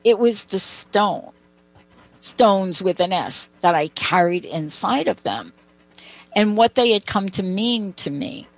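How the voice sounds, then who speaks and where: A woman's voice: medium pitch, animated, slow, no echo, faint music behind, rough recording. A woman hosting a talk show, telling personal stories in a chatty way and making asides to her co-host. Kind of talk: conversational storytelling.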